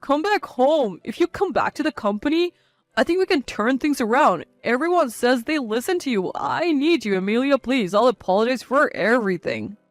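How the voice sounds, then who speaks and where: A woman's voice: high voice, big pitch swings, fairly quick, no echo. A woman voicing a man, a blunt, arrogant company president who turns to whiny pleading, in a storybook reading.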